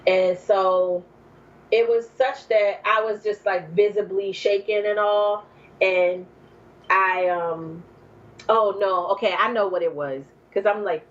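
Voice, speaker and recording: Brief: woman guest, from New Jersey, lively storyteller full of "um" and "like", slightly muffled recording. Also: medium pitch, slow pace. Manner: animated, acts out quoted speech, many fillers. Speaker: podcast guest. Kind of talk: personal storytelling.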